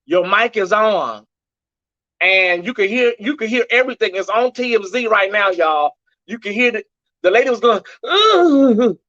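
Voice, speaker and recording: A man's voice: high-pitched, fairly quick, sharp tone, dry recording, dull audio. A man hosting a live headline show, delivering the news in a sassy, gossipy way and greeting viewers by name.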